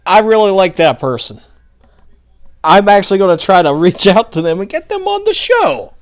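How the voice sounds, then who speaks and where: A man's voice: high-pitched, big pitch swings, normal speed. A male commentary host ranting in a sarcastic, heated, mocking way.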